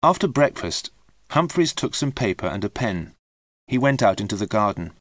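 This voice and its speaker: Audiobook narrator, male, low register, measured learner-friendly reading, dry booth. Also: sing-song, a bit bright, no echo. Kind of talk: scripted storybook narration.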